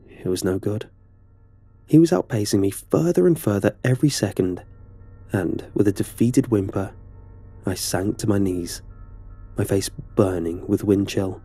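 A man narrating a horror story in a steady, measured way. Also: on the low side, husky, no room sound, soft background music.

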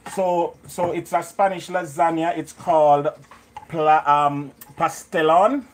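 A man's voice: fairly high pitch, fairly even intonation, slow pace, slight background noise. A man with a Jamaican accent hosting a live cooking stream from a home kitchen, chatting and greeting viewers by name. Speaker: cooking show host.

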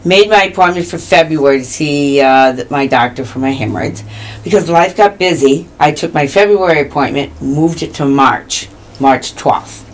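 A woman in her fifties from Iowa, guest on a community TV talk show, telling her story in a lively way with acted-out quotes. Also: low voice, normal speed. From Iowa, US Midwest. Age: 50s. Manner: animated, acts out quoted dialogue. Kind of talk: casual interview storytelling.

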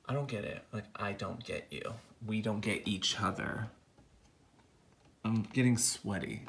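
A young man chatting to a wasp in a slangy, dramatic way, dropping to whispers and then erupting in frustration. His voice is bright and gravelly, and he talks slowly with a very lively pitch. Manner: dramatic, exasperated, slangy, drops to whispers and bursts into loud outcries. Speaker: vlogger. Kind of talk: casual talking to a wasp.

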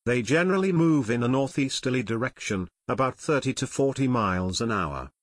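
A man voicing a calm, grim adult pilot in an audiobook, speaking steadily. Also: medium pitch, a little fast, no echo, natural voice.

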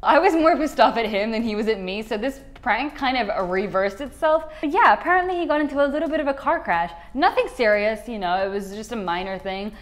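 A woman's voice: fairly high pitch, lively intonation, brisk, few pauses. A young woman vlogging in a chatty, rambling way, often mocking herself. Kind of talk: casual vlog chat.

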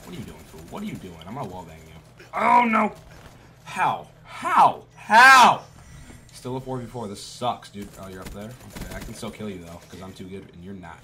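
Lowish-voiced guy trash talking over a shooter game, swears a lot, noisy mic. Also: animated, fast talker. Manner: trash-talking, swearing, swings into loud outbursts. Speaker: gaming YouTuber. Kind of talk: gameplay commentary.

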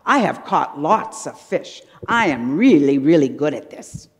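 A proud, doubting young girl, as a woman preacher puts her on, with a lively, swinging pitch. Her voice carries a long church reverb. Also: measured pace, full character voice.

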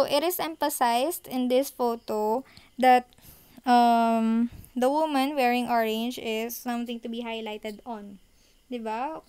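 A woman with a high, smooth voice and a Filipino accent teaches art concepts in a recorded online lecture over slides. She moves between English and Tagalog and frequently checks in with her students.

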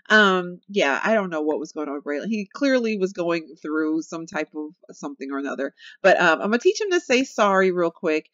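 A woman's voice: mid-range voice, sing-song, normal speed, few pauses, no room sound, dull audio. A young woman giving chatty, casual commentary over her gameplay, talking straight to her viewers and laughing often. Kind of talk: casual let's-play commentary.

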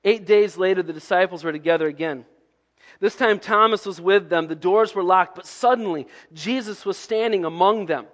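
A male pastor giving a sermon in a conversational preaching manner, sometimes dropping to hushed tones. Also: high voice, moderate pace, long reverb tail.

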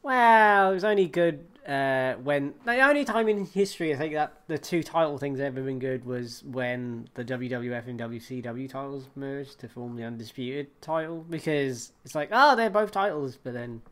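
A man co-hosting a podcast, rambling and swearing in relaxed banter. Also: medium pitch, normal speed, hardly any pauses. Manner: laid-back, rambling, sweary. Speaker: podcast co-host.

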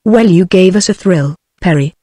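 A woman's voice: fairly low pitch, moderate pace, dry recording, clean studio sound, close to an everyday voice. A text-to-speech woman's voice with a British English accent, reading the lines of a stern middle-aged father without any character voice. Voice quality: flat machine read, no character voice. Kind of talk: synthetic audiobook dialogue.

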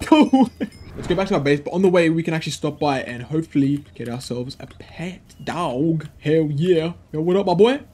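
A young man giving casual, slangy let's-play commentary, getting excitable and yelling at the game. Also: on the high side, a little fast, few pauses. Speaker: gaming YouTuber.

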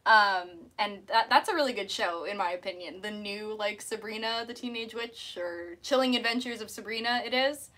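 Young woman, mermaid streamer, bright tense tone, chatty, giggly, casual stream talk. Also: medium pitch, moderate pace, few pauses. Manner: chatty and giggly, answering chat while painting nails. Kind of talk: casual live-stream chat.

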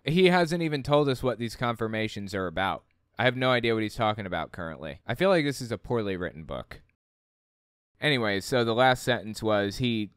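A man's voice: fairly low pitch, clear, resonant tone, no room sound, clean studio sound. A man hosting a casual book commentary, reading passages aloud and reacting with incredulous, exasperated questions.

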